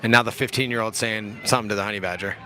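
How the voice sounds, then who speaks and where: A man's voice: fairly low pitch, steady tone, rapid-fire, background noise. A young man casually calling a youth football game outdoors, jokey and slangy, poking fun at himself. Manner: laid-back, jokey, slangy, self-deprecating. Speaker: play-by-play commentator.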